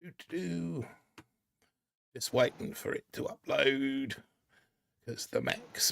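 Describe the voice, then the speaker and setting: A man's voice: a little high, animated, slow, gravelly, long pauses, a bit bright, no room sound. Man in a dodgy put-on Aussie accent. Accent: put-on Australian accent. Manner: rambling, reads chat names aloud, jokey. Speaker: livestream host. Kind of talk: casual live-stream chat.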